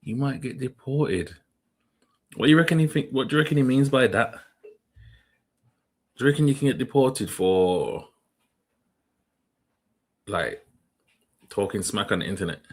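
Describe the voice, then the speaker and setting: A man's voice: medium pitch, moderate pace, long pauses, a little mellow. A man hosting a livestream, reacting in casual commentary and musing aloud with questions to his viewers. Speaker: livestream host.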